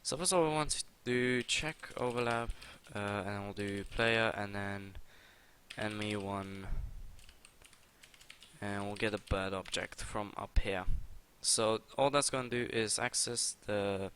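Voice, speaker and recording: A young man with a fairly low, slightly bright voice hosts a casual screen-recorded coding tutorial at a measured pace, over slight background noise. He talks his way through the steps hesitantly, filling gaps with frequent "uh" and "um."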